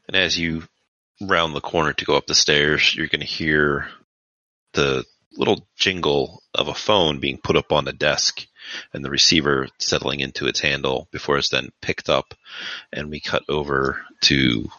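A man serving as game master, narrating a tabletop game in an unhurried, descriptive way with fillers. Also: a bass voice, steady tone, bright, forceful tone, no echo, lo-fi sound.

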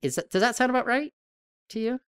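A man co-hosting a podcast in casual chat, thinking aloud and rambling with restarts and animated questions. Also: extremely high pitch, quick pace, clear, resonant tone, no room sound, studio quality. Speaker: podcast co-host.

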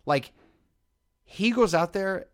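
In a clean, dry studio recording, a middle-aged man with a high-pitched voice speaks slowly while co-hosting a podcast. He's an animated storyteller in casual chat who acts out the quotes he relays.

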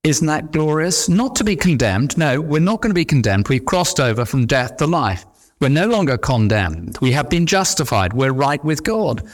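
A man's voice: on the high side, sing-song, moderate pace. A middle-aged man preaching a sermon, emphatic, with repeated refrains. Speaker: pastor.

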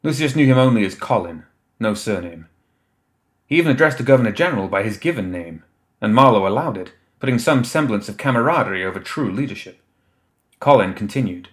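A man reading a fantasy story aloud in measured, scripted audiobook narration. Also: fairly low pitch, expressive.

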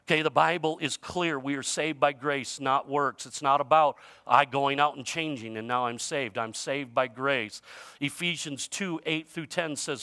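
A male pastor preaching a sermon in a conversational way, using informal grammar, his voice shifting from loud emphasis to quiet. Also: fairly high pitch, dry recording, studio quality.

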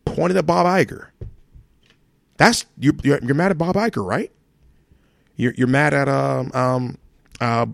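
A man's voice: medium pitch, creaky, no room sound, clean studio sound. A man hosting his own podcast, ranting alone in a profane, exasperated way with many restarts. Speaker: podcast host. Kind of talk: solo ranting monologue.

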